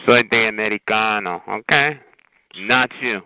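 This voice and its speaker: A man's voice: lowish voice, unhurried. A man ranting on the phone in a sassy, mocking way, calling people honey and child. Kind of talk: profane phone rant. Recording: tinny phone line with faint noise.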